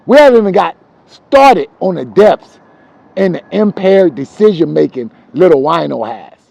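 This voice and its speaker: A man telling street stories from his childhood in a casual, profane, animated way, repeating himself for emphasis. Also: a little high, normal speed, vocal fry, dry recording, poor audio. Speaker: storyteller.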